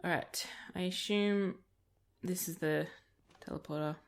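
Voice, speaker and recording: Chatty woman, lowish voice. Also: steady tone, unhurried. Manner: rambling anecdotes with frequent laughter. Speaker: gaming video creator. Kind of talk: casual let's-play chat.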